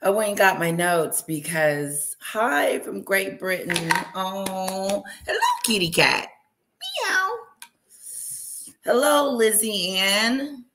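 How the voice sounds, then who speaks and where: A woman hosting a casual livestream, warmly greeting viewers by name, bubbly and chatty. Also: medium pitch, animated, takes it slowly, noisy background. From Wisconsin. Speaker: livestream host. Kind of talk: casual live chat with viewers.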